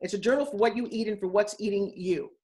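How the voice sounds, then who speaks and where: A woman's voice: medium pitch, fast talker, a little mellow. A woman of sixty, a guest on a live video interview, talking bluntly and emphatically. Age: 60s.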